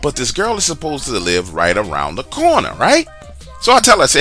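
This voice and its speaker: A man telling a true story from his own life in a casual, lively way, speaking straight to the listener with slang asides. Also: medium pitch, brisk, soft background music. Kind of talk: casual first-person storytelling.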